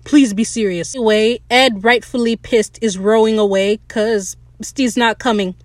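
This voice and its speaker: A woman hosting a podcast, recapping a TV episode in a casual, excitable rant, swearing freely and talking straight to her listeners. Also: a little high, normal speed, no room sound.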